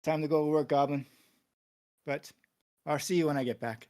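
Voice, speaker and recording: A man voicing a gruff, weary male guard who speaks low and mutters his lines. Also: fairly even intonation, moderate pace, a little mellow, lightly acted. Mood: blunt.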